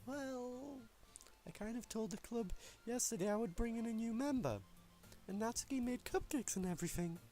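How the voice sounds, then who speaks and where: A man voicing a cheerful, airheaded schoolgirl in a strained, high falsetto. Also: lively intonation, moderate pace, mellow, soft background music. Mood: pleading.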